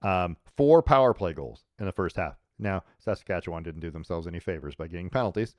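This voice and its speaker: A man's voice: sits low, expressive, brisk, dry recording, clean studio sound. A man hosting a sports podcast, chatting casually and rambling with restarts and laughs.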